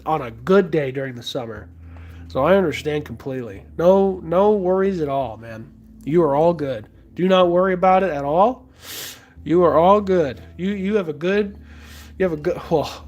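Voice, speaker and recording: A young man from the United States talks to his stream viewers in a loose, rambling way, thanking them and trailing off into fillers and restarts. His voice sits a little higher than most men's. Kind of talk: casual live-stream chat with viewers.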